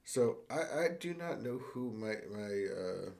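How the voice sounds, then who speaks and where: A man playing in a tabletop game, asking rule questions in a hesitant, slow-phrased way. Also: medium pitch, expressive, gravelly, darkish tone. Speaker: player. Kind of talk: casual tabletop play.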